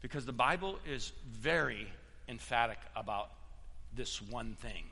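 Bright-voiced preacher in a reverberant hall. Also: male voice, mid-range voice, big pitch swings, moderate pace, slightly rough. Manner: emphatic preaching, swings between loud and hushed. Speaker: pastor. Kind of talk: sermon.

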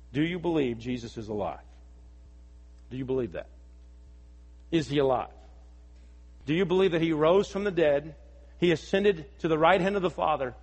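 Earnest preacher in a reverberant hall. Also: male voice, a little high, breathy edge. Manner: earnest preaching, rising emphatic and dropping to soft appeals. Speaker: pastor. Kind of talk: sermon. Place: church sanctuary. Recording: long reverb of a large hall.

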